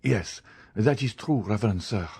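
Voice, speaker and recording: Male reader as escaped galley convict, sly, pleading, audiobook, husky, lively pitch. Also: normal speed, heavily acted. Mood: evasive. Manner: pleading, evasive. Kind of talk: audiobook character reading.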